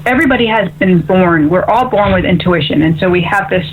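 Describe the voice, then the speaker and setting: A woman's voice: on the low side, fairly quick, a little hiss or hum. A woman hosting a call-in spiritual radio show as an intuitive medium, talking in an upbeat, chatty way and often asking "right?". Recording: tinny phone-like radio audio.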